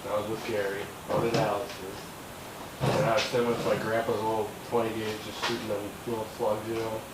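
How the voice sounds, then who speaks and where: A man casually telling the story of his first buck, relaxed and easygoing. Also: on the low side, a little fast. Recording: echoey, distant, noisy camp recording.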